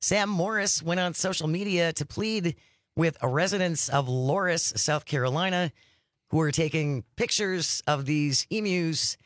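A man's voice: on the high side, a little slow, fairly bright tone, no room sound. A man co-hosting a casual radio talk show from a studio, reading headlines with dry jokes.

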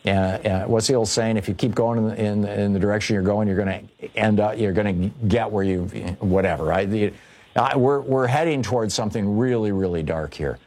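A male radio talk host with a low-set voice. He mocks the headlines with dry sarcasm, then turns earnest and worried, stumbling and restarting as he thinks aloud. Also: a little mellow. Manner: halting, with repeated restarts. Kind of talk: political call-in radio talk.

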